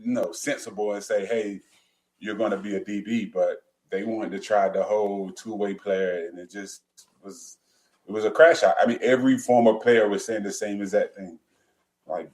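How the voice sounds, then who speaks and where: Laid-back low-voiced former football player. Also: male voice, fairly even intonation, normal speed, darkish tone. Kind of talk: casual podcast interview.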